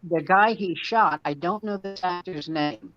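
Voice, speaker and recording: A man's voice: sits high, unhurried, fairly bright tone, dry recording, faint music behind. A man comedian telling rambling anecdotes in casual chat. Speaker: comedian and podcast co-host. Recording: dull lo-fi dry sound.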